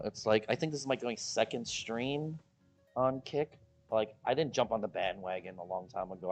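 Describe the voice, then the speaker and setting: A man hosting a livestream, talking to his chat in a loose, joking way. His pitch swings widely as he rants and mocks people with put-on voices. Faint music plays behind him. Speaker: livestream host.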